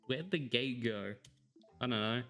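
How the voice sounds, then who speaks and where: A man's voice: medium pitch, measured pace, fairly bright tone, faint music behind. A man giving casual let's-play commentary, joking and sarcastic and laughing often. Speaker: gameplay commentator.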